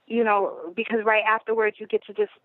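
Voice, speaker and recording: Woman, guest, casual storytelling, medium pitch, phone-like sound. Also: little pitch movement, a little fast, dry recording. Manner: rambling, with many fillers and "you know". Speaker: guest telling her birth story. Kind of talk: conversational podcast interview. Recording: phone-like narrow audio.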